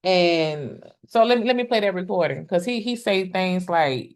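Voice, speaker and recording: A woman hosting a casual live stream about a court case, chatty and exclamatory, speaking straight to her viewers and often pausing with "um" and restarting. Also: lowish voice, vocal fry. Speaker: trial commentary host.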